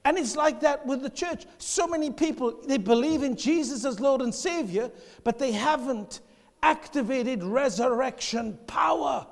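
A man preaching a passionate sermon, shifting between quiet, intimate passages and shouted declarations. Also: very high-pitched, moderate pace. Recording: long hall reverb.

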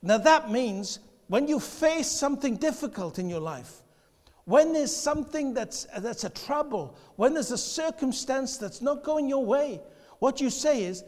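A man preaching a passionate sermon, shifting between quiet, intimate passages and shouted declarations. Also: very high voice, expressive, unhurried. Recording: long hall reverb.

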